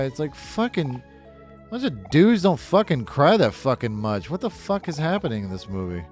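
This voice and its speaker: Soft music plays beneath a man whose darkish, mid-range voice swings widely in pitch at a normal pace. He's a gaming video host doing casual commentary on his own playthrough, rambling and swearing as he gives blunt views.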